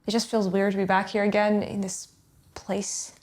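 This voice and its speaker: A woman playing a grown child visiting a sick father, hesitant and gently teasing, in a stage play. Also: medium pitch, flat delivery, moderate pace, close to an everyday voice.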